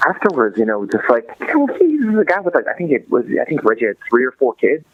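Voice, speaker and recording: A man in his thirties, a podcast guest in casual interview chat, rambling with many fillers and restarts and swinging between excited and somber. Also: medium pitch, quick pace. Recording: dull lo-fi dry recording.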